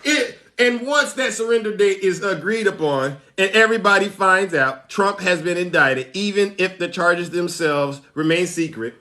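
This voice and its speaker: Theatrical high-voiced man streaming live. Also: animated, moderate pace, hardly any pauses, bright, forceful tone, echoey room. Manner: theatrical, teasing, laughs often; greets viewers by name. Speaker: livestream host. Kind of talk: live commentary reading news.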